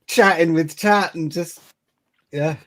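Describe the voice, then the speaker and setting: A man's voice: a little high, slow, fairly bright tone. A man in a casual podcast chat who rambles and hesitates with many fillers.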